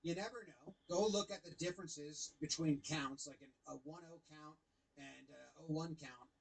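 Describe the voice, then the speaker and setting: A young man casually commentating baseball highlights, animated and playfully mocking the umpire. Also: moderate pace, gravelly, slightly rough, low-quality recording.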